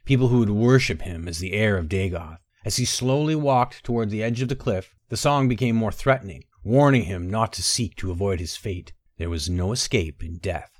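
A man reads a story aloud with a low voice that moves lively through its pitch. His delivery is measured and expressive. The recording is dry and close. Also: no room sound. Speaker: narrator. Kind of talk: storybook narration.

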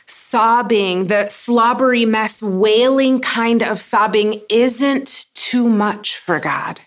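A woman giving a sermon in a measured, earnest way, pausing to let her points land. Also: mid-range voice. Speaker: preacher.

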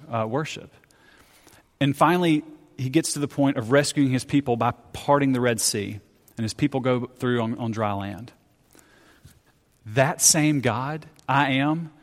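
Animated male preacher in a reverberant hall. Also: mid-range voice. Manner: animated storytelling preacher, self-deprecating humor. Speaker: pastor. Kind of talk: sermon.

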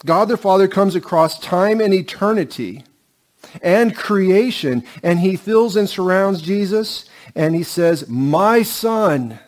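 A middle-aged man preaching a sermon as pastor, earnest and emphatic, slowing down and dropping to a hush on key lines. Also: high voice.

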